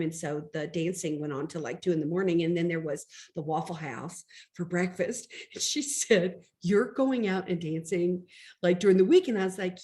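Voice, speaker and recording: A middle-aged woman, a life coach giving a motivational lesson through chatty personal stories told straight to her audience. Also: medium pitch. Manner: chatty storytelling, addresses audience directly. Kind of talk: motivational talk.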